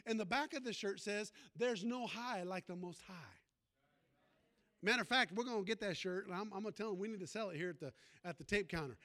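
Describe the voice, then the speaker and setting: A man's voice: sits high, sharp tone. A man who is a pastor, preaching a sermon in a folksy storytelling way and calling out to the congregation.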